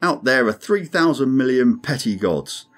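A man's voice: medium pitch, very animated, normal speed, pitched above the performer's own voice. A man voicing a grim, sardonic male alien crewman who speaks dryly and insistently. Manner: dry, insistent, ominous.

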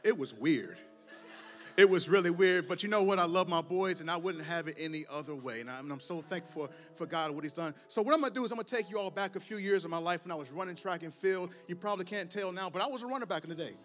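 A man preaches in his thirties, telling his story with animated energy and building to shouts. His voice sits high and sounds bright and forceful. Faint music plays under the live church sound. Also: fast talker, few pauses. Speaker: guest preacher. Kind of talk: sermon with personal testimony.

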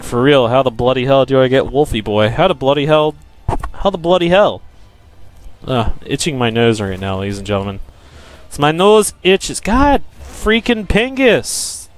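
A young man giving profane, frustrated gameplay commentary, yelling at enemies and joking with viewers. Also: medium pitch, expressive, normal speed, soft background music. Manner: jokey self-promotion to viewers. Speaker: let's play gamer.

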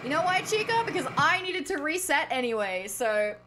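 A woman streaming a game, chatting to her audience in excitable, foul-mouthed commentary. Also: high-pitched, moderate pace, background noise. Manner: excitable, swears a lot, talks to the chat. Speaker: gaming streamer. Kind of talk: let's-play commentary.

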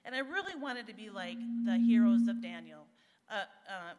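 A woman from the USA, speaking as a guest at a live-streamed church service, tells her testimony in a mellow, mid-range voice with lively intonation and a moderate pace. She is candid and emotional with frequent fillers, and the audio is dull and echoey from the church hall.

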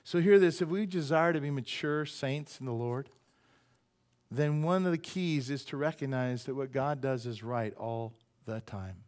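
A man, a pastor, preaching a casual, joking sermon in a church and acting out quoted voices with big jumps in pitch. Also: normal speed, darkish tone. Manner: joking and conversational, teases the audience. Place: church sanctuary.

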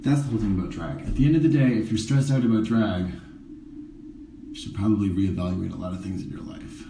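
A man's voice: fairly low pitch, quick pace, dark tone, roomy sound, recorded from a distance, a little hiss or hum, low-quality recording. A man doing a drag makeup tutorial in a casual live stream, campy and sarcastic with rambling asides, in a dressing room before a show. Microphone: phone camera, a bit away.

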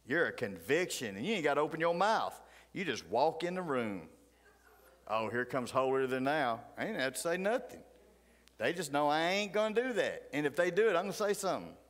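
A middle-aged man, a pastor telling folksy stories in a sermon, flaring loud, then dropping to hushed asides. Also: fairly high pitch, sing-song, a little fast. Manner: folksy, fiery, swings between loud outbursts and hushed asides. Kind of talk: animated storytelling sermon. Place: church sanctuary. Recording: church hall reverb.

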